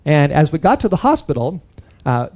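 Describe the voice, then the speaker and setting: A man's voice: fairly high pitch, very animated, normal speed, darkish tone. Earnest man telling a story. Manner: earnest, conversational storytelling that addresses the listeners directly. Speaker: guest speaker. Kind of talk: personal testimony told to a live audience.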